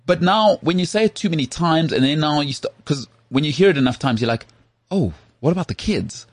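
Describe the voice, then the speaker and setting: A man with a South African accent, hosting a casual podcast chat in an animated, rhetorical way and often asking if he is understood. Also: on the high side, quick pace, no echo. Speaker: podcast host.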